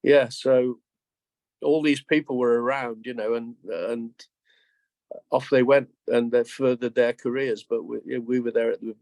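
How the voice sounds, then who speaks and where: An older man in his seventies chats as an interview guest, rambling through stories and stumbling over restarts. His voice sits at an ordinary pitch, recorded dry and close with no room sound. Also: fairly even intonation, measured pace, darkish tone, no room sound. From England. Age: 70s. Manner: rambling, anecdotal, frequent restarts. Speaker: guest musician. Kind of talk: casual interview.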